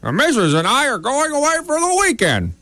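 A man's voice: very high-pitched, huge pitch swings, brisk, bright, forceful tone, no echo, heavily acted. A man voicing a dog owner and husband in a cartoon, scolding and impatient. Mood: friendly. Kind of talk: cartoon voice acting.

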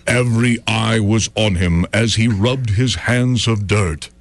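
A man performing a comic poem to a live audience in a mock-epic, rhythmic style. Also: lowish voice. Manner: mock-epic poetic delivery with rhythmic pauses. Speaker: comedian. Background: audience laughter.

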